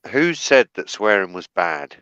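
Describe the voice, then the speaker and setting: A man's voice: on the low side, big pitch swings, a little slow, sharp tone, clear, resonant tone, dry recording, dull audio. A man with an English accent in a casual online group chat, joking and swearing often. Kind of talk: casual banter.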